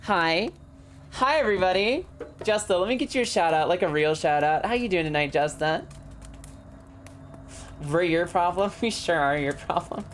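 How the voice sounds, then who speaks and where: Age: adult. Sex: female. Style: excitable, laughing livestream chat. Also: on the low side, moderate pace, long pauses, a little hiss or hum. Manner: excitable, laughs often, profane. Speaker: streamer. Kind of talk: casual livestream chat while gaming.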